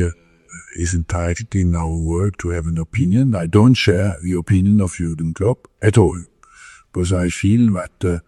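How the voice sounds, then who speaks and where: Very deep, husky man giving a statement. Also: dark tone, no echo, clean studio sound. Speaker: football official.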